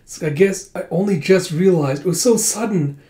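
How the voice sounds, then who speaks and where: A man's voice: high-pitched, fairly quick, warm tone, voice pushed up, lightly acted. A man voicing a shy young princess who talks hesitantly about her feelings, reading from a comic. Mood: flustered. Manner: hesitant, embarrassed. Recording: roomy echo.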